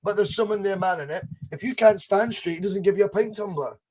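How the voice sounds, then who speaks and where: A Scottish man hosting a casual podcast, animated and chatty, acting out little scenes as he tells stories. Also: sits high, quick pace, slightly rough. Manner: animated storyteller, acts out voices in anecdotes. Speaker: podcast host.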